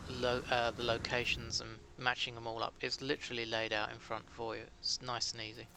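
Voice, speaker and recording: A man's voice: mid-range voice, flat delivery, fairly quick, vocal fry, noisy background. A British man chatting casually with his live-stream chat while playing a game, joking at his own expense. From Britain.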